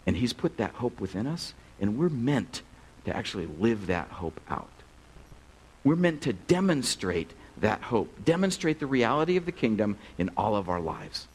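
A man's voice: fairly high pitch, breathy edge, low-quality recording. A male pastor giving a casual, storytelling sermon in a crowded church service. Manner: casual, animated, many "like"s.

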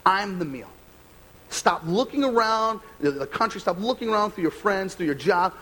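A man's voice: high voice, animated, normal speed, a bit bright, pitched above the performer's own voice, low-quality recording. A man voicing Jesus during a sermon, coaxing listeners with rhetorical questions. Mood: inviting. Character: Jesus as a preacher, inviting and earnest.

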